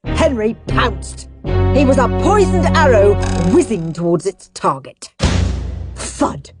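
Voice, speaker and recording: A woman narrating a children's audiobook in a playful, expressive way. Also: a little high, takes it slowly, loud music behind the voice. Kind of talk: scripted narration.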